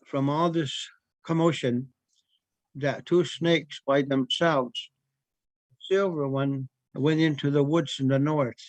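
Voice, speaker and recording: A man's voice: medium pitch, no room sound, rough recording. Man telling a traditional story, dry close mic. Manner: unhurried, repeats words for emphasis, with pauses and fillers.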